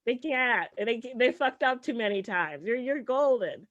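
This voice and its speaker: A woman's voice: fairly high pitch, animated, measured pace, a bit bright. A woman doing a stand-up comedy set, talking in a sarcastic, conversational way and dotting her lines with "like" and "right?". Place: comedy show stage. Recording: dull, muffled sound.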